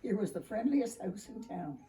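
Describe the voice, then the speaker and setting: Grandma reading a picture book, sing-song and lively, far from the mic in a roomy house. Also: female voice, medium pitch, moderate pace, slight background noise. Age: older. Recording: echoey room heard from far off.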